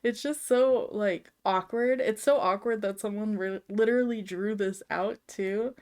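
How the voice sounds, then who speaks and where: A woman's voice: medium pitch, a little slow, a little mellow. A woman giving casual, rambling commentary on memes, with lots of fillers and frequent giggles. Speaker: video creator.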